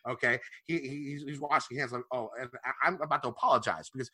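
A man with a bright, forceful voice tells a long, swearing-laced story in casual podcast chat. His delivery is loose and animated, recorded close and dry with no room sound. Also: mid-range voice, quick pace, husky, no room sound. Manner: profane, animated anecdote telling. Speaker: podcast co-host.

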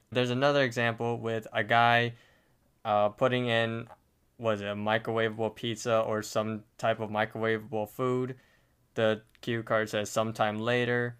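A man's voice: lowish voice, a bit bright, clean tone. A man hosting a podcast, recapping a cartoon episode in casual chat. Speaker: podcast host.

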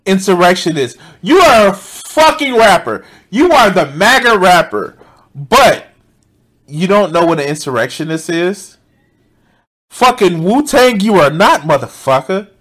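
High-voiced man mocking a video. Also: big pitch swings, measured pace, fairly bright tone. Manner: swears heavily, laughs often, mocking. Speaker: streamer reacting to a video. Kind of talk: profane live reaction commentary.

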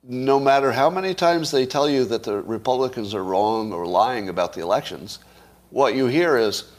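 Middle-aged man, solo commentary, sarcastic, rhetorical questions, mid-pitched voice. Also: expressive, normal speed. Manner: sarcastic, asks the audience rhetorical questions, laughs at his own points. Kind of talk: solo political commentary to camera.

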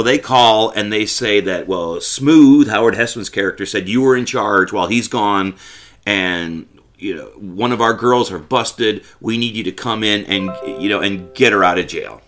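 A man's voice: on the low side, a bit bright. A man hosting a podcast, casually recapping and critiquing a comedy film in a rambling, wry manner with many restarts. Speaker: podcast host. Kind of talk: casual movie recap and review.

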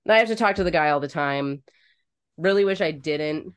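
A woman's voice: low-pitched, brisk, clear, resonant tone. A woman co-hosting a podcast, telling a frank, crude story in casual chat, swearing freely. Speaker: podcast co-host.

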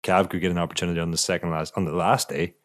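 A man with a very low voice talks cycling in an easy, conversational way. He's a former racer who thinks out loud, stumbling over repeated words before landing his point. The sound is close and dry. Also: little pitch movement, racing, no echo. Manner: thoughtful, repeats words while thinking aloud. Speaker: podcast co-host, former pro cyclist. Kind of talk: casual cycling chat.

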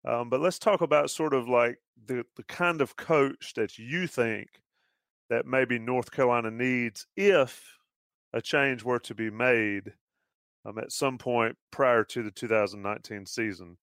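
A man hosting a casual sports talk radio show, speaking in a relaxed, halting way with plenty of fillers. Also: medium pitch, dry recording, studio quality.

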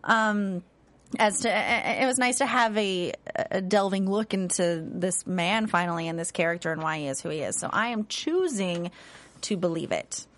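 A woman's voice: fairly low pitch, lively intonation, normal speed. A young adult woman co-hosting a casual TV recap show, chatty and hesitant, with many fillers and restarts. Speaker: co-host.

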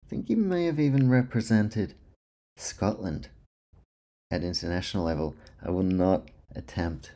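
Low mellow man, chatty podcaster. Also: moderate pace. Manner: chatty, self-deprecating, runs through name lists. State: dry mouth. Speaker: podcast host. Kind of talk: casual solo sports podcast.

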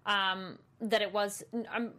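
A woman co-hosting a casual chat about a TV episode, talking it through and acting out quick reactions. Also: mid-range voice, level tone, pushed and bright. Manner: chatty, acts out reactions in quoted asides. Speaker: podcast co-host.

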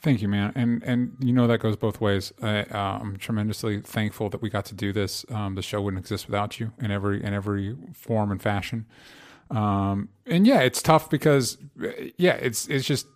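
A young man hosting a podcast, talking in an earnest, halting way with many restarts and fillers. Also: fairly low pitch. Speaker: podcast host. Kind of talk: casual podcast chat.

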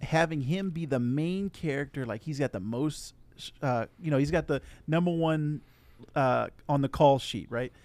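A man co-hosting a casual podcast, talking through a movie and acting out characters' lines in quick asides. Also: fairly high pitch, darkish tone. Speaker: podcast co-host. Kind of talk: casual movie review chat.

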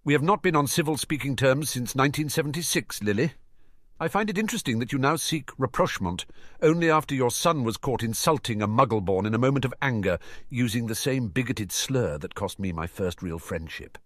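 A man's voice: mid-range voice, expressive, brisk, fairly bright tone, dry recording, studio quality, voice pushed up. A man doing Snape, a cold weary cynic. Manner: cold, clipped and tired. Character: bitter, weary sardonic male potions master.

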